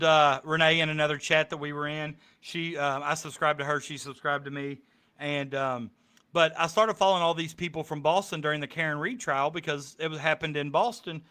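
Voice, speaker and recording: A man's voice: on the high side, pushed and bright. A man chatting casually on a streamed podcast, rambling with many ums. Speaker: podcast co-host. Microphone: streaming mic.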